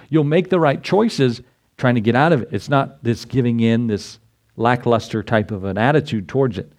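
A middle-aged man preaching a sermon to his congregation in a conversational way, often checking in with "right?" and adding quick asides. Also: medium pitch, a little mellow. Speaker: pastor.

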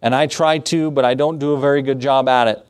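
A man's voice: medium pitch, fairly even intonation, a little fast, clean tone. A man preaching a sermon as pastor, quoting scripture, repeating key phrases and asking the congregation rhetorical questions. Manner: conversational asides and rhetorical questions.

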